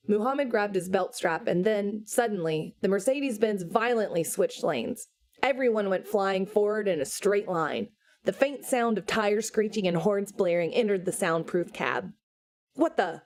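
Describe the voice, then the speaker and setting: A woman reading a novel aloud as audiobook narrator, in a measured, unhurried way. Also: medium pitch, lively intonation. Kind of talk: scripted narration.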